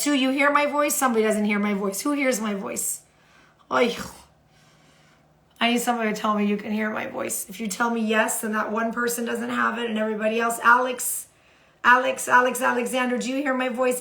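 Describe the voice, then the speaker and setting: A woman from the United States hosting a live social media stream, animated and repeating phrases for emphasis. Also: fairly high pitch, vocal fry.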